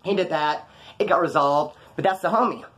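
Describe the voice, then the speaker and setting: Brief: male vlogger, high voice, rapid delivery, slangy streetwise storytelling. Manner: streetwise slang, swearing, lively acted-out quotes. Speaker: vlogger telling prison stories. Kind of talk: casual storytelling monologue.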